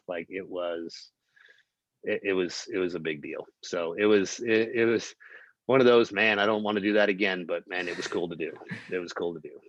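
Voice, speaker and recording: A man's voice: low-pitched, normal speed, dry recording, muffled recording. A man, a film producer, telling a behind-the-scenes story as an interview guest, acting out what people said, with lots of fillers and restarts. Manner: animated storyteller, acts out quotes, many fillers and restarts.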